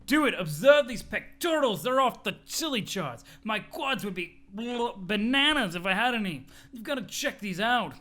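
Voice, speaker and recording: A man's voice: high-pitched, animated, moderate pace, hardly any pauses, sharp tone. A man voicing a pushy young man obsessed with showing off his muscles, bellowing orders and biting off his own curse words. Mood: demanding.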